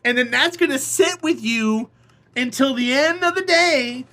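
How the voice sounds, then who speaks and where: A live streamer telling rambling, animated stories in a casual chat with viewers, often slipping into acted voices. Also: sits high, a little slow.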